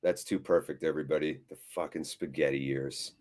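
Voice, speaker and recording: A man's voice: rumbling low, steady tone, a little fast, a little mellow. A man hosting a live fan watchalong, reading viewers' chat aloud with jokey swearing and a weary, deflated tone.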